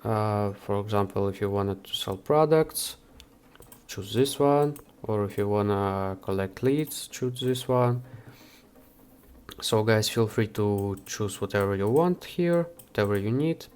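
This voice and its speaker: A man hosting a software how-to, talking the viewer through each step with frequent hesitations. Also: lowish voice, clean tone. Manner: unhurried, with frequent "uh" fillers. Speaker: software tutorial host. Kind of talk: screen-recorded how-to walkthrough.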